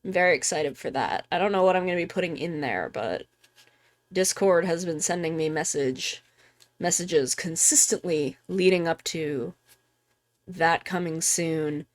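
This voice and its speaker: A woman streamer chatting casually while giving tarot readings, joking about herself and swearing freely, speaking softly and close to the mic. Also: on the low side, measured pace. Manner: soft, quiet near-ASMR voice close to the mic. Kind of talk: casual live-stream chat. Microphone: close microphone.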